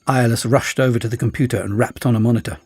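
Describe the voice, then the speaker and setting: A man narrating an audiobook in a lively, expressive way. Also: mid-range voice, fast, breathy edge, no echo, soft background music. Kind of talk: scripted narration.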